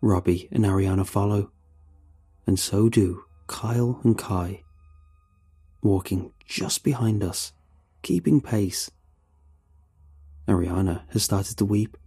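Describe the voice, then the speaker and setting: A man telling a first-person horror story in a tense, measured way. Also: on the low side, mellow, husky, soft background music.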